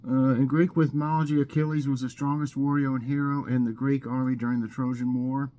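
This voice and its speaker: A man hosting a casual vlog, reading trivia questions aloud and thinking out loud with fillers. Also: medium pitch, level tone, fairly quick. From Scotland. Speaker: vlog host.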